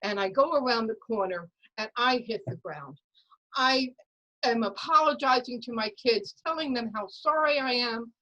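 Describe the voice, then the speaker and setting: Lively woman storyteller, slightly high voice. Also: normal speed, low-quality recording. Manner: lively, dramatic storytelling that acts out voices and sounds. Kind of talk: personal story told at a story slam. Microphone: video call.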